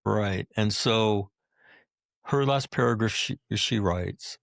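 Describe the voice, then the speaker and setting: A man's voice: fairly low pitch, slow pace, creaky, fairly bright tone, dry recording, studio quality. A middle-aged man, a veteran guest on a podcast, tells emotional personal stories in a blunt, profane way, often checking in with "right?" and "you know".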